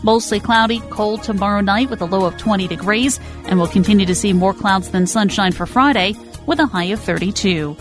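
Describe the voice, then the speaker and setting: A female meteorologist reading a radio weather report in a brisk, clear way. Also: mid-range voice, music in the background.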